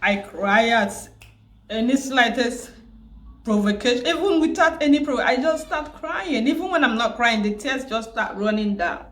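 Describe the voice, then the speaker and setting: A tearful, grieving woman who keeps repeating herself and pausing, vlogging about her loss. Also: a little high, expressive, a bit bright, echoey room. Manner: grieving, repetitive, pausing often. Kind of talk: emotional personal vlog.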